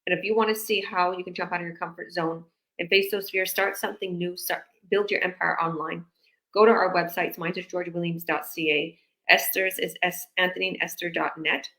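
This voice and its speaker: A woman's voice: lowish voice, steady tone, fairly quick, bright, forceful tone. A woman business coach from Canada chatting casually on a live video call, rambling and acting out conversations. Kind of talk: casual live-stream chat.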